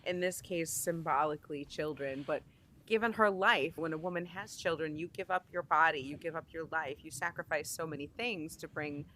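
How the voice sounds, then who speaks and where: Low-voiced woman musing on symbolism. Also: moderate pace, pushed and bright, a little hiss or hum. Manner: reflective, explaining. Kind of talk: casual chat.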